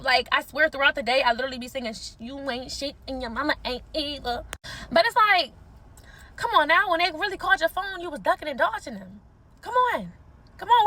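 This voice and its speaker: A woman's voice: high-pitched, pushed and bright. A woman heatedly calling someone out to camera, sassy and cursing, mocking him as she goes. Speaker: social media creator in a feud.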